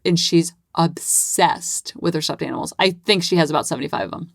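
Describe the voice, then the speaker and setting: A woman's voice: low-pitched, brisk, vocal fry, few pauses, no echo, clean studio sound. A woman in her forties hosting a parenting podcast, chatting casually and acting out bits of dialogue with lots of "like" fillers. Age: 40s. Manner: animated, acts out quoted dialogue. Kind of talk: casual solo podcast storytelling.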